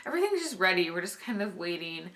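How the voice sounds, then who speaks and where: Her voice is lowish but fairly bright, with big pitch swings and a quick pace. She's a young vlogger, heavily pregnant, chatting loosely to the camera with plenty of "like," restarts, and small laughs mixed into her speech.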